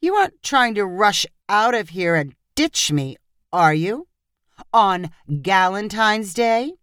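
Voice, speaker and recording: A woman's voice: medium pitch, very animated, a little slow, a bit bright, no room sound, studio quality. A woman voicing an indignant young woman who feels betrayed by her friends, in a pointed, wry tone. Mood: suspicious.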